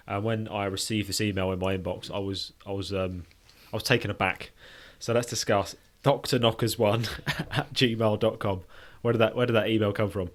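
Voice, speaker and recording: A man's voice: on the low side, little pitch movement, moderate pace, hardly any pauses. A man hosting a podcast, asking the guest questions in an easygoing way with plenty of filler words. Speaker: podcast host. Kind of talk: casual podcast interview.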